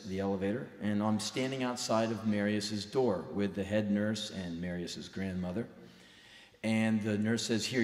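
A man's voice: lowish voice, a little mellow. Intense man in a reverberant hall. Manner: intense, emphatic, acts out quoted dialogue. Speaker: spoken word performer. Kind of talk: live storytelling monologue. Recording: reverberant live hall recording.

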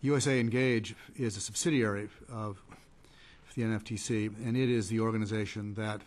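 Speaking on a conference panel, a man who advocates on trade policy sounds measured yet hesitant, full of fillers and restarts. His pitch is on the low side.

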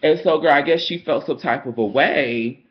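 Speaking at a moderate pace in a slightly high voice, this man tells a story in a sassy, dramatic vlogger style, tossing out "girl" and "honey" to the listener. It's a casual storytime rant, and the top end of the sound is cut off.

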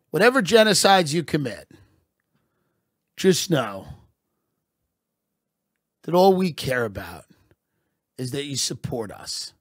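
A man hosting a podcast, delivering a deadpan mock-patriotic comedy monologue. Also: a little high, husky, dry recording, studio quality. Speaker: podcast host.

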